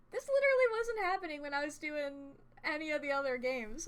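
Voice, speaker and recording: A woman streaming a game, chatting casually and excitably, swearing freely and rambling as she plays at a home desk setup. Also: high-pitched, fairly quick, few pauses. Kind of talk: casual gameplay commentary.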